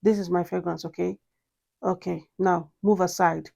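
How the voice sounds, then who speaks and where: A woman's voice: lowish voice, fairly even intonation, moderate pace, vocal fry, a little mellow. A woman voicing a bossy, sassy female rose perfume that pushes others aside. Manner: pushy, teasing, demanding.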